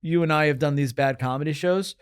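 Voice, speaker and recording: A comedian with a neutral American accent, chatting and telling rambling stories on a podcast, gregarious and full of fillers. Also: male voice, a little high, a little fast, clear, resonant tone. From United States. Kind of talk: casual storytelling chat.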